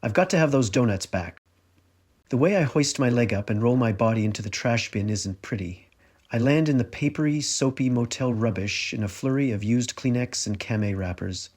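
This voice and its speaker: A man's voice: mid-range voice, moderate pace, a little mellow. A middle-aged man reading his own memoir aloud in a wry, confessional first-person telling. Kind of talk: audiobook narration.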